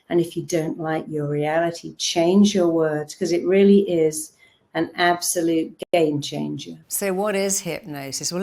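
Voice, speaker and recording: A woman's voice: fairly low pitch, dark tone. A middle-aged woman therapist giving a motivational talk, telling stories with animation and acting out the voices she quotes.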